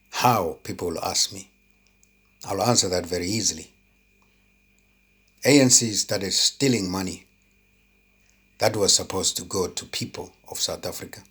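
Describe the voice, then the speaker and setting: Deep voiced guy ranting his opinion, kinda husky, keeps asking does that make sense. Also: fairly bright tone. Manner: indignant, full of rhetorical questions; repeats words when heated. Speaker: political commentator. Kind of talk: impassioned opinion monologue.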